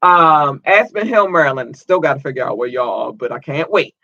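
A young American man hosting his own podcast, reading out listener shout-outs in an excited, thankful, chatty way. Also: on the high side, brisk, highs cut off. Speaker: podcast host.

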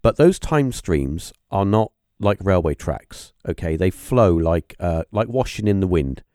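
A man hosting a podcast interview, talking in a halting, musing way with lots of fillers and restarts. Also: deep voice, expressive, mellow, no echo, studio quality. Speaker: podcast host. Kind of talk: casual interview chat.

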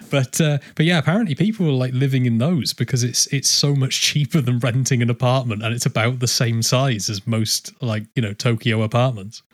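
A man hosting a podcast, chatting casually in a rambling, lively way. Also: mid-range voice, moderate pace. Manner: rambling, animated, laughs often. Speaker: podcast host. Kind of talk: casual chat.

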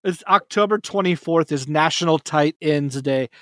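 Male podcast host, fairly high voice, dry close sound, upbeat, laughs easily. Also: normal speed, no room sound. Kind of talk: casual sports podcast chat.

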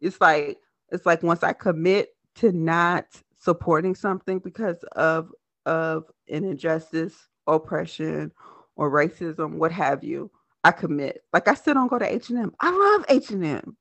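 A woman podcast host with a lisp, talking fast in casual, animated chat. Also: sits low, vocal fry, dry recording. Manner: talks fast, animated and laughing.

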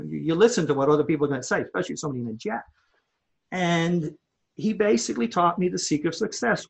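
A man's voice: fairly high pitch, vocal fry, slightly rough. A man, a company owner and podcast guest, telling a personal story in a casual, candid way and acting out the quoted dialogue. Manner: animated storyteller who acts out quoted dialogue; casual and candid, with mild swearing.

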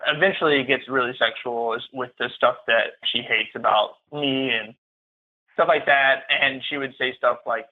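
A man telling his own story as a podcast guest, speaking haltingly and often repeating or restarting phrases. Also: mid-range voice, steady tone. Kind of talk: personal story in interview. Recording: tinny phone-like line.

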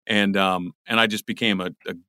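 A man's voice: lowish voice, steady tone, a little fast, bright, forceful tone, no room sound, studio quality. A middle-aged man, a voice actor being interviewed, talking casually and rambling with lots of restarts. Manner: rambling, many restarts and repeated words. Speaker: voice actor guest.

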